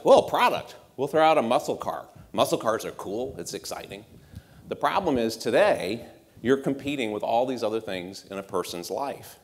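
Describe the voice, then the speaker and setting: A middle-aged man giving a conference keynote, punchy, with rhetorical questions and dry sarcastic asides. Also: medium pitch. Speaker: marketing executive giving a conference talk. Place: large conference hall. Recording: hall reverb from a stage.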